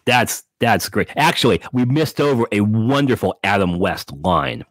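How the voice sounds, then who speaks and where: Husky low-voiced man, animated podcast talk. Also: no room sound. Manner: animated, breaks into quick character voices. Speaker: podcast co-host. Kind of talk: casual comic book discussion.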